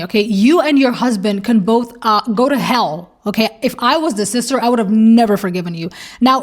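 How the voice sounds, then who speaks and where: A woman hosting a reaction video, ranting bluntly and heatedly as she comments on online posts, swearing freely. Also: a little high. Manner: animated, emphatic rants.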